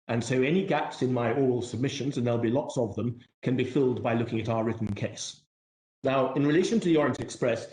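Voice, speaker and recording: Male barrister, mellow voice, measured courtroom submission, echoey room. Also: medium pitch. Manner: formal, measured, self-deprecating, courteous.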